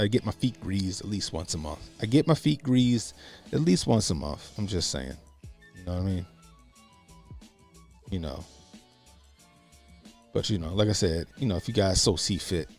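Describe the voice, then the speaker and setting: Gravelly man ranting on a livestream. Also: fairly low pitch, expressive, moderate pace, long pauses, a little mellow, faint music behind. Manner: laughs often, rambling and profane. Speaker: livestream commentary host. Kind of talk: casual profane livestream commentary.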